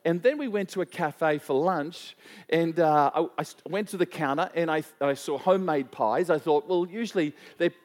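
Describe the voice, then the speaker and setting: A man's voice: fairly high pitch, normal speed, a little mellow. A man preaching a sermon, telling a story in a conversational way with many restarts and questions to the congregation. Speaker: pastor. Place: church hall. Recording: long reverb of a church hall.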